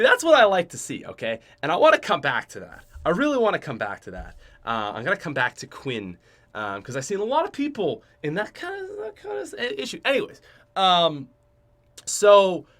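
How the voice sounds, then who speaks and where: Lively, bright-voiced young male podcaster. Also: a little high. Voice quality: chatty, joking, self-mocking. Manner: restarts and trails off often, swings loud and soft. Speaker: podcast host. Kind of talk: casual rambling story.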